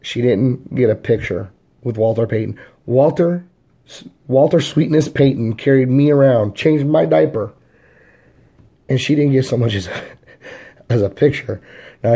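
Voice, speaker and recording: A man in his thirties from the Chicago area, USA, tells his life story casually and loosely, often stopping, restarting and using fillers. His voice has a typical male pitch and a warm, dark tone.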